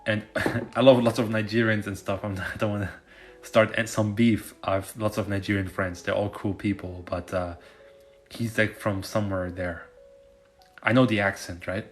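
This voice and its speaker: Low-voiced guy, casual rambling vlog monologue, profane and filler-heavy, faint music underneath. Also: steady tone, normal speed. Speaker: finance content creator.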